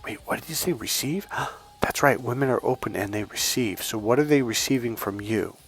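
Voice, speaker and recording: A man working as a dating coach, telling a story in a deliberately slowed, calm way and swearing bluntly. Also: medium pitch, soft background music. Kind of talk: casual storytelling monologue.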